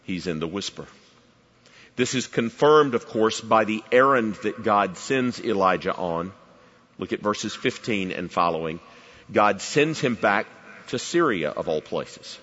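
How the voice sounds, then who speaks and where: A middle-aged male preacher with a slightly husky voice delivers a sermon. He swells into loud, emphatic runs, then drops to near-whispers. The recording sounds dull and muffled. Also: fairly low pitch, animated, unhurried, in a large hall. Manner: dramatic swings from loud emphatic build-ups to near-whispers.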